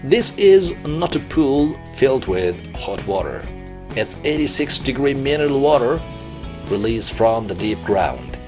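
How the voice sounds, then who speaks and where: A man's voice: medium pitch, very animated, measured pace, over music. A man hosting a travel show, narrating in a scripted way and posing questions to the viewer.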